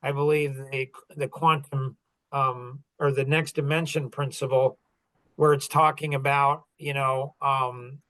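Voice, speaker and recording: A man's voice: medium pitch, little pitch movement, a little slow, a bit bright, dry recording, poor audio. A middle-aged man coaching in a casual chat, rambling through stories with many fillers and restarts. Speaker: business coach and podcast host.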